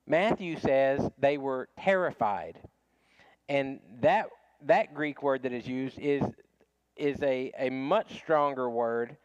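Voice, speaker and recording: A man's voice: mid-range voice, slow, clean tone, no room sound, dull audio. A man teaching a casual Bible study class, talking conversationally with frequent restarts and small chuckles.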